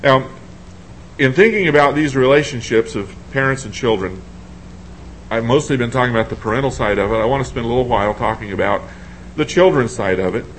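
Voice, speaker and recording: A man's voice: mid-range voice, brisk, a little hiss or hum, low-quality recording. A man preaching a sermon in a conversational way, asking his congregation questions and thinking aloud as he reads scripture.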